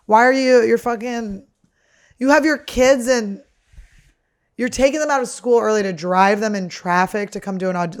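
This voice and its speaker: A woman's voice: mid-range voice, darkish tone. A woman hosting a comedy podcast, ranting casually in a crude, sarcastic way. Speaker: podcast host.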